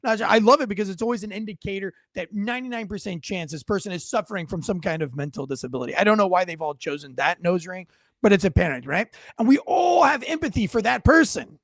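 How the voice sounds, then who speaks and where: A man in his forties telling a story in casual talk, acting out the people in it with shouts and frequent restarts. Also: high voice, quick pace, no room sound, studio quality. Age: 40s. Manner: animated storyteller who acts out shouted quotes, with frequent restarts.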